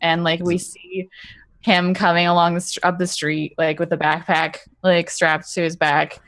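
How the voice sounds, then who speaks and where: A woman with a lowish voice talks through her character's ending in a tabletop game, loose and rambling, peppering everything with "like" and "um". The sound is dry and close, with no room around it. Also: little pitch movement, normal speed, a bit bright, no echo. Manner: rambling, full of "like" and "um", giggly. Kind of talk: casual narration of her character's epilogue.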